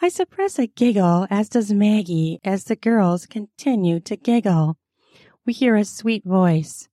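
A woman reading an erotic story aloud in an intimate, unhurried storytelling manner. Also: mid-range voice, lively intonation, warm tone, dry recording, clean studio sound. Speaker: narrator.

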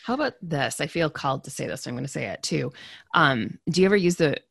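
Low-voiced lively woman host. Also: fast talker, gravelly, no echo, studio quality. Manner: encouraging, frequent backchannels. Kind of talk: casual conversational interview.

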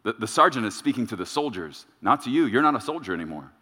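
A male pastor preaches in a mid-range voice and drives his points home by repeating them. He leans on dramatic pauses. His words carry a long reverb, as in a large sanctuary. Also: medium pitch, big pitch swings, pushed and bright. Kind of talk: sermon.

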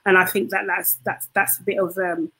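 A woman's voice: lowish voice, level tone, moderate pace, pushed and bright, slightly rough. A woman co-hosting a casual opinion podcast. She talks earnestly and keeps checking in with her listeners. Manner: earnest, often asks "do you know what I mean".

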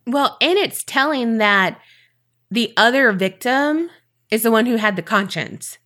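Slow-talking, bright-voiced woman co-host. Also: on the high side, expressive. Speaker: podcast co-host. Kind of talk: casual chat.

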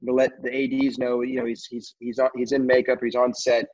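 A man in casual conversation, telling rambling, animated stories about his career in film, with lots of fillers and restarts. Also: medium pitch, fairly quick. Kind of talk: casual storytelling interview. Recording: dull lo-fi audio.

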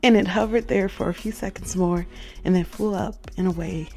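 A woman's voice: medium pitch, steady tone, normal speed, dark tone, faint music behind. A woman hosting a show, earnestly telling a personal faith story, reflective and emotional at its peaks.

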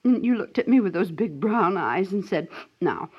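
An actress playing a fussy, sentimental elderly aunt in a 1950s radio comedy, gushing and talking over everyone. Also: female voice, on the low side, expressive, normal speed, slightly rough. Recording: dull vintage radio recording.

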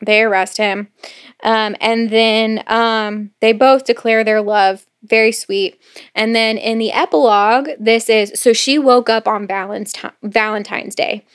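A woman's voice: fairly high pitch, steady tone, measured pace, smooth. A young woman co-hosting a podcast, recapping a romance novel in casual, filler-filled chat. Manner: chatty, filler-heavy retelling. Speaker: podcast co-host. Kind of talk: casual book review chat.

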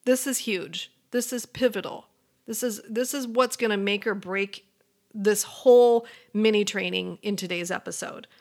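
On her motivational podcast, a woman acting as a life coach speaks earnestly and encouragingly directly to her listeners, now and then dropping to a soft whisper. Her voice sits at a medium pitch and moves at a moderate pace.

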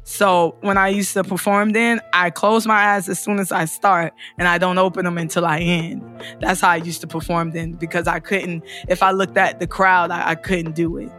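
Soft background music accompanies a woman with a lowish voice speaking at a moderate pace. She's a poet being interviewed about her personal story, emotional throughout and bringing other people's lines to life with vivid voices.

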